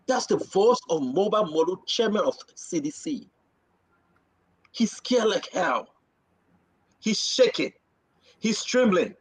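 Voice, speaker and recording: A man's voice: high-pitched, animated, takes it slowly, pauses often, breathy edge. A man hosting a live political talk show, emphatic and repeating himself as he reads quotes aloud.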